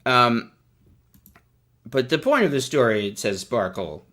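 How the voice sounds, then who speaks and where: A young man hosts a livestream in a loose, sarcastic style. He rambles freely, and his pitch swings widely as he jokes. His voice sits at a medium pitch. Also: sing-song, measured pace, a bit bright. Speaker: host. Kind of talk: casual livestream commentary.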